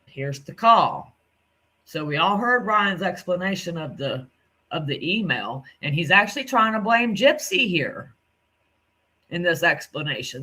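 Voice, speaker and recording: A male commentator with a fairly high, sharp, bright voice reacts to clips he plays. He sounds indignant and curses freely. He speaks straight to the person he is criticizing. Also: sing-song, unhurried. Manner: indignant, cursing, addresses the subject directly.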